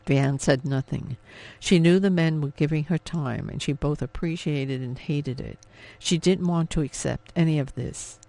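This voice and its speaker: A man narrating an audiobook in a steady, expressive storytelling manner. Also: fairly high pitch, normal speed, vocal fry. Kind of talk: scripted narration.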